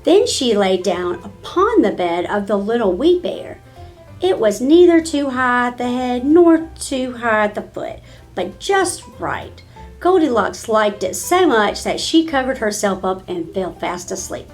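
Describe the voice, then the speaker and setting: Expressive woman reading a children's story. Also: a little high, a little slow, soft background music. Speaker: storybook reader.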